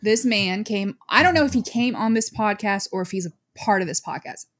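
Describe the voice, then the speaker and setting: A woman co-hosting a casual podcast in a mid-range voice. She talks in a measured, matter-of-fact way and lays out questions and stories plainly. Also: medium pitch, animated. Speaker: podcast co-host. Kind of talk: casual chat.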